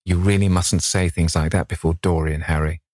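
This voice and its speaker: An earnest, anxious painter who pleads with quiet devotion, as a man reading puts him on. He sounds deep-voiced and close in a dry recording. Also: fairly even intonation, normal speed, no echo, natural voice.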